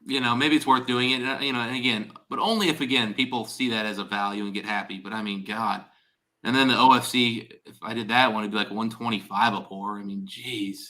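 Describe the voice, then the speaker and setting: A man's voice: lowish voice, fairly even intonation, brisk, bright, forceful tone. A man chatting casually on a live stream as its host, rambling and restarting his sentences. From Ohio, USA.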